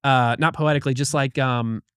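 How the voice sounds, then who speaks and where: A male podcast guest tells stories in a casual chat, animatedly acting out the quotes. His voice is medium-pitched and clean at a moderate pace, recorded in a studio with no echo.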